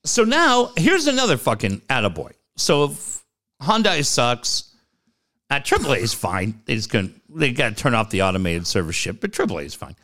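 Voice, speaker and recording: A man's voice: medium pitch, wildly swooping pitch, moderate pace, a bit bright. A middle-aged man telling a profane, ranting story in casual chat, acting out other people's lines.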